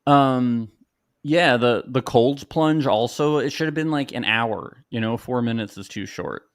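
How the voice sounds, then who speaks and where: A man's voice: medium pitch, a little slow, no echo, studio quality. A young man co-hosting a podcast, chatting casually and jokily about a reality show. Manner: animated, jokey, swears casually. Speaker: podcast co-host. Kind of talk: casual recap chat.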